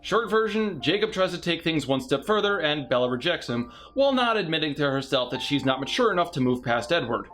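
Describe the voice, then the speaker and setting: A man's voice: on the high side, big pitch swings, a little fast, hardly any pauses, a bit bright, soft background music. Sarcastic male movie reviewer. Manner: sarcastic, mocking asides. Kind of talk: scripted comedic review narration.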